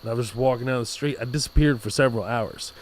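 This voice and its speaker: A man on a casual podcast chat, telling animated stories and acting out other people's voices. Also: mid-range voice, fast, a little hiss or hum. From Arab background. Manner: animated storyteller, acts out voices. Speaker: comedian guest.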